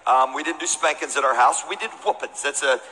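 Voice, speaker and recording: A man's voice: on the high side, brisk, bright, forceful tone, long reverb tail, rough recording. A man in his forties with a Texan accent, a pastor telling playful, joking stories to his congregation from the stage of a large church auditorium. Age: 40s. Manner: storytelling, playful and joking with the crowd. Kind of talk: sermon.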